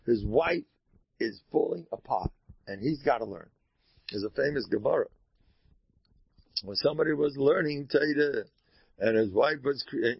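Gravelly-voiced rabbi giving an animated talk. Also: male voice, mid-range voice, no room sound, dull audio. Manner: animated, shifts between soft asides and loud exclamations. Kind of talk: informal Torah talk.

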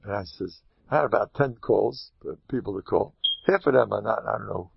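A man telling a folksy parable with a moral, animated and sprinkled with Hebrew and Yiddish terms. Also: on the low side, brisk, gravelly, highs cut off, background noise. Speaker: storyteller giving moral advice.

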